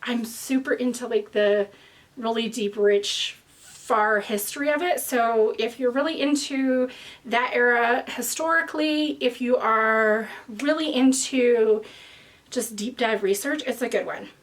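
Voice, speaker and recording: A young woman talks casually to her viewers in a bright, high voice. She rambles and wanders off on tangents, and she sounds a little out of breath. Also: measured pace. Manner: rambling, chatty, with tangents and restarts. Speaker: knitting podcast host. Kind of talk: casual chat to camera.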